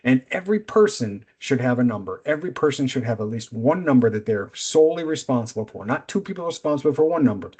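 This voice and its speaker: A middle-aged man presenting a business seminar as a coach, speaking in a direct, energetic, instructive way. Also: mid-range voice, fast talker, hardly any pauses, breathy edge.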